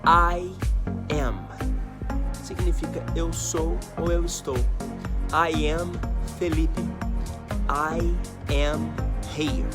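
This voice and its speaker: A man with a Brazilian Portuguese accent, a native Portuguese speaker, teaching English and drilling each word deliberately and repeating phrases. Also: a little high, steady tone, over loud music. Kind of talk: slow, deliberate English lesson.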